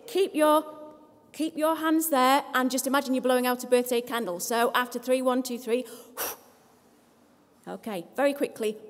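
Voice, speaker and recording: A woman speech therapist talks a seated audience through posture, breath and sound exercises. She is brisk and encouraging, with a touch of self-deprecating humour. Her fairly high voice rings out in a hall with a long reverb. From England. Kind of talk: live workshop talk leading an audience in voice exercises.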